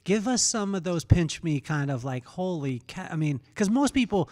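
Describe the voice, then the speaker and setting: A man hosting a casual podcast interview, telling stories in an animated, slangy way and laughing along. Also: sits high, normal speed. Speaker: podcast host.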